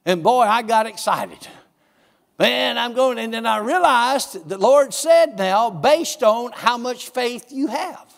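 Animated high-voiced male preacher. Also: moderate pace, vocal fry, big-room sound. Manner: animated, acts out dialogue with God in a raised voice. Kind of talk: sermon with storytelling.

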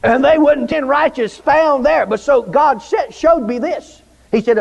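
This man's extremely high voice carries vocal fry and a measured pace with few pauses as he preaches a fervent, repetitive church sermon, often calling out for amens. The recording is dull and lo-fi, with long church reverb.

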